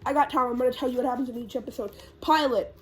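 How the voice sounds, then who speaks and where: A woman's voice: high voice, racing. Rambling, profane young woman vlogger. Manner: rambling, profane, lots of fillers. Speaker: YouTuber. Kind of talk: casual rambling recap.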